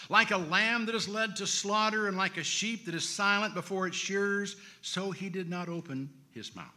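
A man preaching a sermon in an expressive, emphatic way with dramatic drops in his voice. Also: high-pitched.

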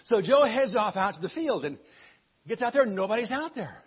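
Brief: folksy male storyteller, husky voice, sing-song, muffled lo-fi recording. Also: high-pitched, big pitch swings, brisk. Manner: folksy, stumbling, with asides. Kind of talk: casual Bible story retelling.

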